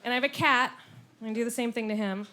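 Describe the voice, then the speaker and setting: A woman performing a stand-up comedy set on stage, animated, slipping into silly voices. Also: on the high side, quick pace, slight background noise. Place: comedy club stage before a laughing audience.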